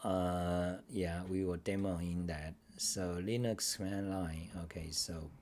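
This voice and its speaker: A man's voice: low voice, steady tone, slow pace, darkish tone. Blunt, rambling male livestream host. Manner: reads and answers live chat. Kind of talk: casual livestream talk.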